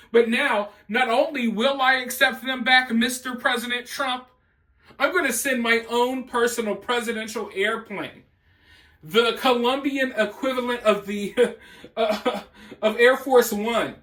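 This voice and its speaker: Guy putting on a sheepish sorry president voice, real high, kinda mocking. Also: unhurried, sharp tone, roomy sound, far from the mic, full character voice. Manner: mocking, groveling tone. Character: foreign male president, sheepish and apologetic.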